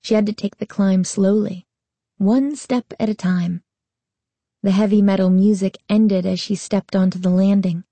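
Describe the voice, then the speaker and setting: A woman narrating a storybook aloud with a slow, even reading. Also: medium pitch, no room sound.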